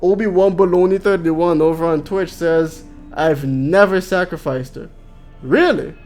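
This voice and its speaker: Male streamer, casual rambling chat, jokey, slightly high voice, faint music behind. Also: unhurried, darkish tone. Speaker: game streamer.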